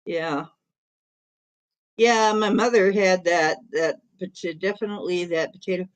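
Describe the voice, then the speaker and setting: A woman's voice: on the low side, a little slow. A middle-aged woman hosting a live stream in casual chat, rambling and chuckling often as she reads comments and talks to her cat.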